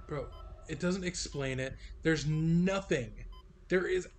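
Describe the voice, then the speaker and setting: A man's voice: a little high, slow pace, slight background noise. A young man commentating a video game he is playing, swearing and exasperated, often stammering and restarting his sentences. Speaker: gaming streamer. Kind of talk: frustrated let's-play commentary. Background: game music.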